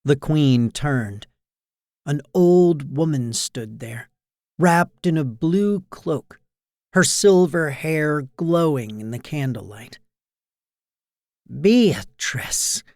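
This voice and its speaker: A soothing storyteller reads a fairy tale at a very slow, gentle pace. The recording is dry and close, with no room sound. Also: medium pitch, animated, dry recording. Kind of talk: bedtime story narration.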